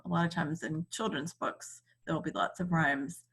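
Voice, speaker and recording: A woman teacher giving a recorded reading lesson, explaining slowly and patiently with frequent ums. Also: deep voice, fairly even intonation, a bit bright, husky.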